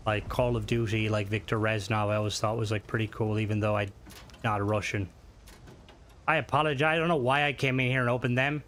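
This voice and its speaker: A man's voice: fairly low pitch, steady tone, brisk, fairly bright tone, slight background noise. A male game streamer chatting casually and profanely with his viewers while he plays. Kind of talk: casual live-stream chat.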